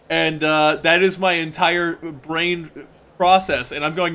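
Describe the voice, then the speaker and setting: A man streaming a game, talking casually and profanely, venting in an animated way with loud mock outbursts. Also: sits high, takes it slowly, slight background noise. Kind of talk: casual gaming stream commentary.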